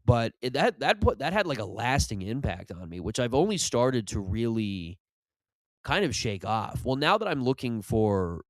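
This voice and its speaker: A man's voice: medium pitch, big pitch swings, normal speed, dry recording. A man hosting a comedy podcast, rambling through a casual monologue with restarts and sudden mock-ad bursts. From Irish family background. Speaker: comedian host.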